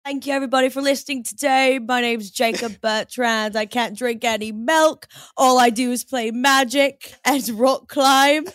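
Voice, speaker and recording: A woman's voice: sits high, steady tone, moderate pace, hardly any pauses, a bit bright, dry recording, studio quality. Playful woman doing a mock accent. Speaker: podcast guest. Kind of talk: casual podcast chat.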